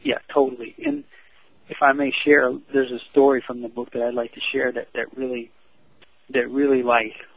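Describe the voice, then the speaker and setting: Gravelly, husky man telling a personal story. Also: mid-range voice, flat delivery, a bit bright, dry recording, rough recording. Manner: earnest, halting, many restarts and fillers. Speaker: author and coach, guest.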